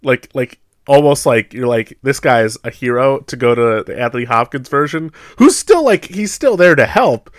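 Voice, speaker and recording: A man's voice: medium pitch, expressive, normal speed, few pauses, dry recording, studio quality. An American man in casual chat about films, laughing often and acting out quotes in funny voices. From United States.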